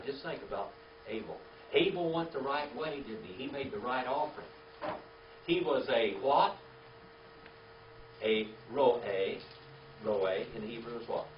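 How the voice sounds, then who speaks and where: A man's voice: medium pitch, animated, a little slow, pauses often, a little hiss or hum. A man teaching a Bible class, asking questions and having the group repeat Hebrew words aloud. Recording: roomy, distant, dull lo-fi sound.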